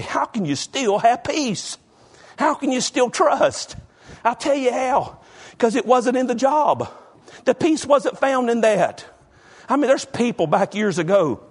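A male pastor preaching a sermon, swinging from low, quiet talk to loud shouting and often saying "bless God.". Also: husky. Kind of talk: fiery Southern-style sermon.

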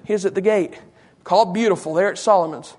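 High-voiced preacher man, folksy sermon, keeps checking in with the congregation. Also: fast, darkish tone. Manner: folksy, with repeated asides to the congregation.

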